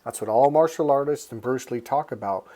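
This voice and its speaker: A middle-aged man from Northern California giving a casual motivational monologue. He swears freely and is animated. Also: medium pitch, a little fast. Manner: animated, swears freely, acts out other people's lines. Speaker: self-help vlogger.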